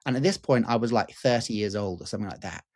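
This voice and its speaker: A man in his forties, a guest teacher, telling a personal story in an animated, candid way with casual swearing and fillers. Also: on the low side, quick pace. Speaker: guest, lucid dreaming teacher.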